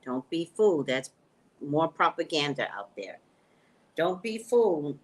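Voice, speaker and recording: An animated woman hosts a psychic livestream from home, chatting straight to her viewers through a webcam mic. She takes her time, and her pitch swings up and down a lot. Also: measured pace. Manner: animated, talks straight to viewers, laughs often. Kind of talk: casual livestream chat with viewers.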